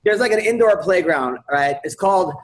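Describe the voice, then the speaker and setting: High-voiced man telling a rambling story. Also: animated, a little fast, rough recording. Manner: rambling, stammering restarts and filler words. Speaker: comedy podcast host. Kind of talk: casual storytelling chat.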